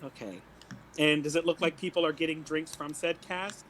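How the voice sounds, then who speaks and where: High-voiced man playing a tabletop game. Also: fairly even intonation, moderate pace, a bit bright, slight background noise, low-quality recording. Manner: playful, laughs often, restarts sentences. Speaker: player.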